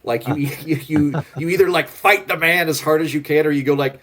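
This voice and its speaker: A man's voice: a little high, expressive, fast talker, few pauses, a bit bright, slightly rough. A man, a guest author talking in a casual podcast conversation, rambling with lots of "like" and restarts. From Oklahoma, United States. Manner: chatty, rambling, filler-heavy with "like" and restarts.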